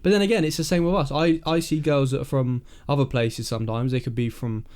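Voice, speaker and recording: A man's voice: medium pitch, steady tone, fast, darkish tone. A young man with a South English accent, chatting casually as a podcast co-host and telling stories in a laid-back, slangy way. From South England. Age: young adult. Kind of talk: casual chat.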